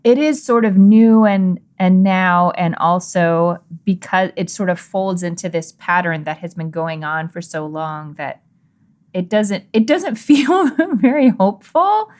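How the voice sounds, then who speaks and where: A woman's voice: lowish voice, lively intonation, unhurried, darkish tone. A woman co-hosting a podcast, reading scripture aloud and then discussing it in a thoughtful, searching way with frequent restarts. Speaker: podcast co-host.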